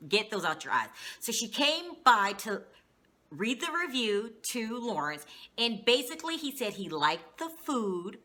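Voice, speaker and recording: A woman's voice: fairly high pitch, very animated, a little slow, bright, forceful tone. A woman giving a casual, gossipy recap of a reality show, swearing freely as she goes.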